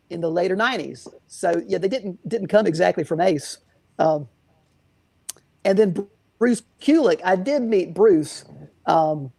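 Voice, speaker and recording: Here the guitar shop owner's voice is high and creaky with a dark tone. He rambles through lengthy stories in a relaxed interview, stumbling over plenty of fillers and starting sentences over.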